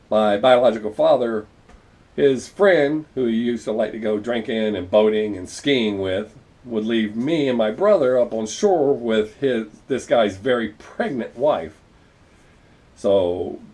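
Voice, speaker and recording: A man's voice: mid-range voice, a little mellow. Wry, profane man telling family stories. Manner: wry, profane, self-deprecating storyteller. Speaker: vlogger. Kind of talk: casual storytelling monologue.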